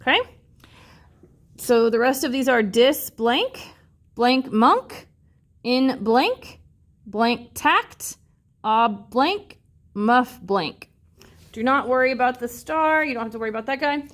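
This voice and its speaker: Woman teacher, slightly high voice, patient, slowly sounds out syllables for young learners. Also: animated. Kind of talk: classroom phonics lesson.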